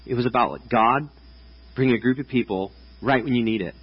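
Chatty man preaching, husky voice. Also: medium pitch, a little fast, dull audio. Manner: casual, chatty preaching with many "like"s and restarts. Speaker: pastor. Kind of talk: sermon. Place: church stage before a congregation.

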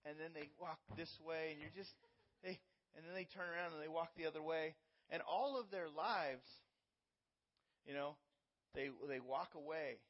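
A man with a fairly high voice preaches a sermon as pastor. He explains scripture earnestly and leans on everyday stories to teach. The recording is slightly muffled and lo-fi. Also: moderate pace, long pauses. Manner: earnest teaching with personal illustrations.

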